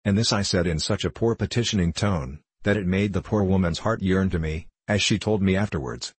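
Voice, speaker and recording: A man reading an old novel aloud as an audiobook narrator, in measured, even storytelling. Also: low-pitched, breathy edge, no echo. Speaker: audiobook reader.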